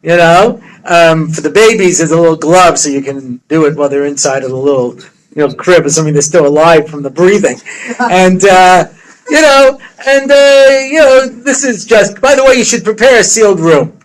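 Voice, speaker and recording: A rabbi with a notably high voice tells funny stories to his listeners. He is a middle-aged man who talks in a loose, chatty way, full of quips and side remarks. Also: normal speed, rough recording. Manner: joking, conversational, full of asides and quips. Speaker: rabbi giving a lecture. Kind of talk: humorous storytelling lecture.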